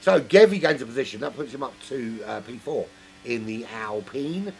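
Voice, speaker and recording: A man doing solo live race commentary, rambling and jokey, getting excited at incidents, his voice worn from a long weekend of talking. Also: medium pitch, moderate pace, creaky, slight background noise. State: losing his voice. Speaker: sim racing commentator.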